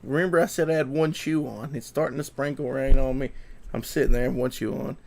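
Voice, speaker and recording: Guy vlogging, kinda gravelly, rambles and repeats stuff, sounds shaken. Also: mid-range voice, steady tone, fairly quick, a little mellow, a little hiss or hum. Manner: rambling, repeats himself, trails off. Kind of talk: casual storytelling to camera.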